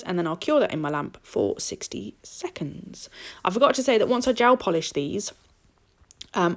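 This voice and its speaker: Woman, nail art vlogger; low-pitched and slightly gravelly, chatty, self-deprecating, rambling. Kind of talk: casual voice-over tutorial.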